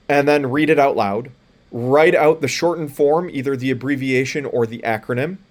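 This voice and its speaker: A man, a college lecturer giving a recorded lecture, explaining plainly and spelling out letters, with frequent fillers and restarts. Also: medium pitch.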